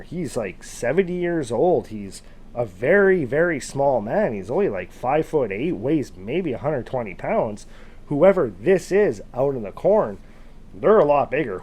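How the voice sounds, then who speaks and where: A man casually retelling a true scary encounter, loosely phrased with fillers, now and then shouting out quoted calls. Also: mid-range voice. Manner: casual, conversational, with fillers like "kind of" and "like". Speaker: storyteller.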